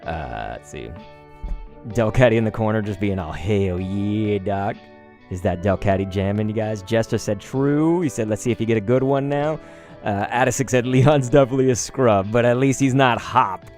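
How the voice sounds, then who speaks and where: A young man chatting excitedly on a live stream while opening trading cards, talking straight to his chat in slangy, hyped-up bursts. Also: on the low side, a little fast, soft background music.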